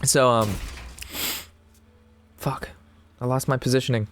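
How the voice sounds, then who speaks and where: A man's voice: mid-range voice, fairly even intonation, measured pace, slight background noise. A man in his twenties giving casual, rambling commentary on his own card game match, swearing and laughing often. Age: 20s. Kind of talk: casual gameplay commentary mixed with an anecdote.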